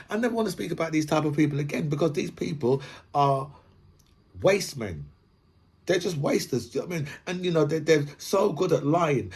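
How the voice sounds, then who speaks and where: A man's voice: fairly high pitch, darkish tone, slightly rough. A man hosting a podcast, delivering a blunt, profane political rant full of long analogies. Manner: swears freely, builds long analogies, repeats "right?". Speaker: podcast host.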